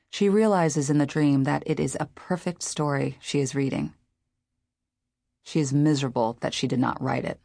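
A woman narrating a literary novel as an audiobook reader, in a measured, unhurried way. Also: sits low, gravelly, a little mellow, no echo, clean studio sound.

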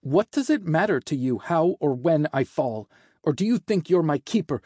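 A man's voice: on the high side, lively intonation, normal speed, mellow, husky, no echo, clean studio sound. A man reading a story and voicing a stern, commanding male angel who scolds and hisses. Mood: scolding. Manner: hissing, scolding. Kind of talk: audiobook character voice.

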